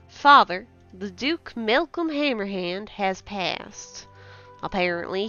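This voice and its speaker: Woman doing a sad southern sister reading her letter, bright tone, kinda muffled recording. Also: mid-range voice. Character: noble young woman writing to her brother. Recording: dull lo-fi sound.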